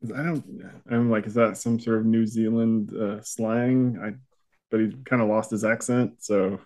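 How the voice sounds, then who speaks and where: A man's voice: on the low side, flat delivery, normal speed, a little mellow. A man co-hosting a podcast, adding wry, joking remarks in casual chat. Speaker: podcast co-host.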